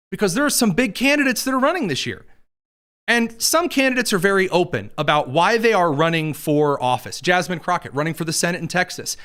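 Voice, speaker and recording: A man's voice: high-pitched, fairly bright tone. A man hosting a political commentary show, talking in a sarcastic, mocking way.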